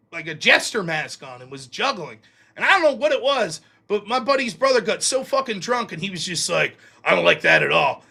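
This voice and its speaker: A man with a very high, bright voice hosts a live stream and tells rambling, profane anecdotes. His pitch swings widely as he talks, and the delivery is loose and casual. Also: husky. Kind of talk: casual storytelling.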